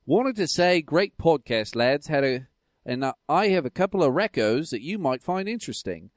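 Man voicing a chatty Australian dad, friendly, animated pitch, dry sound. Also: normal speed, no room sound. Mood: cheery. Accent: Australian, put on. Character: cheerful Australian geek dad writing in. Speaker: listener email read aloud.

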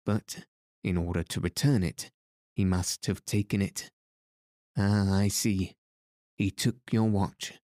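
A man voicing a jovial, excitable French gentleman in an audiobook story, talking in quick excited bursts. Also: low voice, no room sound, clean studio sound. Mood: amused. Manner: excited, chattering, amused.

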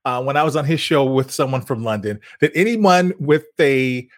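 An American man hosting an interview, effusive and quick to laugh and compliment his guest. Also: medium pitch, animated. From United States. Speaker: host.

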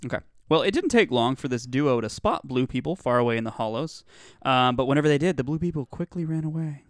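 A man's voice: medium pitch, expressive, quick pace, no echo, clean studio sound. A man co-hosting a casual comedy podcast, rambling and joking with lots of fillers and restarts. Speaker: podcast co-host.

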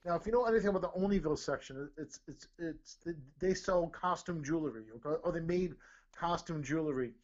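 A middle-aged man from Rhode Island chats loosely on a podcast, stumbling over words and asking "okay?" as he goes. His voice sits a little high, and the recording sounds dull and lo-fi. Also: brisk, a little mellow. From Rhode Island, USA. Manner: rambling, repeats words and says "okay?" often. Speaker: podcast host. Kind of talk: casual podcast chat. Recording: dull lo-fi audio.

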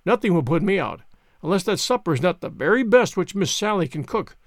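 A man's voice: high-pitched, very animated, a little fast, no room sound, clean studio sound. Man voicing a hearty young English lord. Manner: hearty, genteel.

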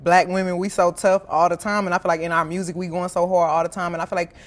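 A woman's voice: fairly low pitch, little pitch movement, quick pace. A woman from Houston with a Southern US accent, a guest chatting playfully and confidently, often giggling. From Houston, Texas. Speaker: guest rapper. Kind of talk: casual interview chat.

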